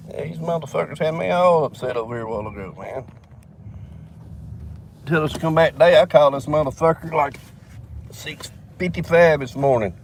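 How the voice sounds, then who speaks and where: A man's voice: a little high, a little fast, long pauses. A man telling a rambling, profane story to his phone camera, quoting others as he goes. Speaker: vlogger. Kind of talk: casual storytelling vlog. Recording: noisy phone recording near traffic.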